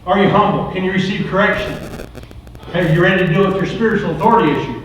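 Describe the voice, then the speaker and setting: A man's voice: sits high, fast, a bit bright, slight background noise. A middle-aged man preaching a recovery ministry sermon, with rhetorical questions and lots of repetition. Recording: very echoey room, distant mic.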